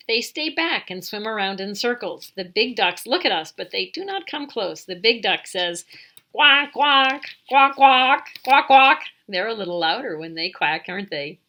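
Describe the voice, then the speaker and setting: A woman's voice: medium pitch, expressive, moderate pace, hardly any pauses, sharp tone. A woman hosting a children's storytime, reading a picture book aloud, imitating animal sounds and asking the little listeners questions. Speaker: storytime host.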